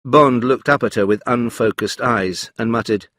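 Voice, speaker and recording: Calm, measured male narrator. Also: medium pitch, dry recording, clean studio sound. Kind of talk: scripted story narration for learners.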